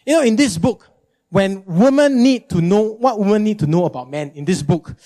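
A male pastor preaching a sermon, animated and emphatic, often repeating words for effect. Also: normal speed. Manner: animated, emphatic, jumps into high mimicking.

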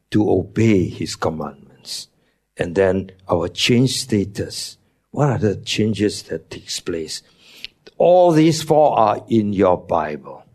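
A man's voice: fairly low pitch, a little mellow. A man preaching a teaching sermon, emphatic, his voice jumping up on key words, with non-native English phrasing.

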